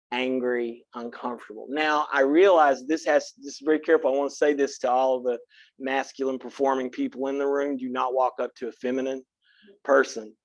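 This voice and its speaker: A man from Texas teaching a college philosophy class, frank and earnest and quick to crack a joke, recorded on a close mic in a classroom. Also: mid-range voice, no room sound. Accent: Texan. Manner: earnest, frank, joking, speaks directly to students. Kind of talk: classroom lecture.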